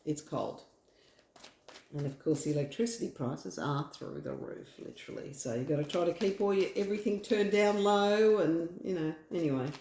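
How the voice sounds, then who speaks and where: A woman's voice: on the low side, moderate pace, mellow, roomy sound, a little hiss or hum. A woman with an Australian accent giving a casual, reassuring tarot reading from home, rambling with fillers. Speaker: tarot reader. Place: home room.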